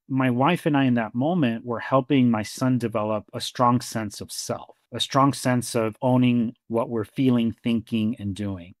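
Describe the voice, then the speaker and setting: A man's voice: medium pitch, a little mellow, dry recording, clean studio sound. A man who works as a therapist, co-hosting a conversational podcast in a reflective storytelling way, acting out quoted dialogue and often saying "you know" and "like.".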